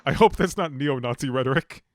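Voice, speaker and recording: A man's voice: mid-range voice, a little fast, no echo, studio quality, soft background music. A young man co-hosting a casual podcast, joking and swearing as he riffs, putting on mocking voices. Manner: jokey, profane, does mocking voices of politicians. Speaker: podcast co-host. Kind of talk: casual banter.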